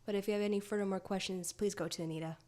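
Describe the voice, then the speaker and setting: A woman playing a tabletop game, speaking in a calm, reassuring way as her character. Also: mid-range voice, racing. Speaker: player.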